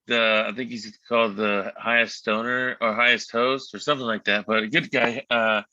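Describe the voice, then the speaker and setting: A man's voice: mid-range voice, fairly even intonation, normal speed, bright, forceful tone, no room sound. A man in a band, chatting casually and telling rambling stories on a livestream. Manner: laid-back, rambling storyteller. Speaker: band member. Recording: dull lo-fi dry sound.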